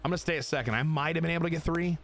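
Streamer guy, bright and somewhat high, excitable running commentary with cursing, faint music underneath. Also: rapid-fire. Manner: excitable, swears, talks to chat. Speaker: gaming streamer. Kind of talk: casual gameplay commentary.

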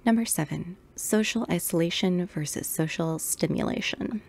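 A woman's voice: on the low side, moderate pace, creaky, darkish tone, a little hiss or hum. A middle-aged woman talking in an earnest, explanatory way while knitting, in a casual personal video. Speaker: knitting vlogger.

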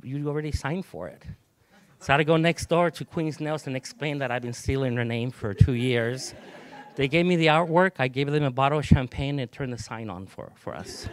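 Man from Mexico giving a relaxed gallery talk. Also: medium pitch. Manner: relaxed, with frequent ums and restarts. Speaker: artist and museum curator. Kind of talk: gallery tour talk to a group. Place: inside an art museum gallery.

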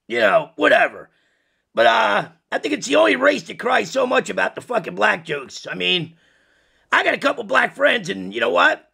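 A man's voice: very high-pitched, gravelly, sharp tone, breathy edge, full character voice. A man voicing a crude, foul-mouthed purple dinosaur who rants profanely at kids in a parody monologue. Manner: ranting, profane, lecturing kids.

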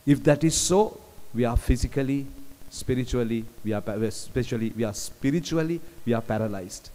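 A man's voice: mid-range voice, brisk, dark tone. A man preaching a sermon, repeating phrases and putting questions to the congregation. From Sri Lanka. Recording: long hall reverb, live stream.

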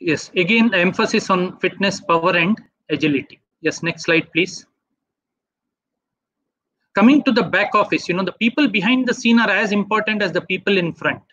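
Male webinar presenter, measured delivery, dry muffled sound. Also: high-pitched, bright, forceful tone, no echo. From India. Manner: measured, asks for next slide often. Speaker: webinar speaker. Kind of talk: slide presentation lecture. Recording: dull dry online audio.

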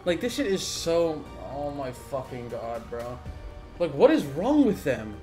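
A young man recording a gaming video rants in an agitated, swearing flow. His voice sits somewhat high for a man, and soft music plays behind him. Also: big pitch swings, unhurried. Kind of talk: profane live-reaction rant.

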